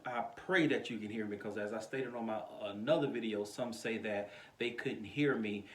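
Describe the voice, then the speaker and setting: A man preaching an informal online sermon as pastor, talking in a chatty, animated way and chuckling now and then, recorded on a phone. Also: lowish voice, moderate pace. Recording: echoey room.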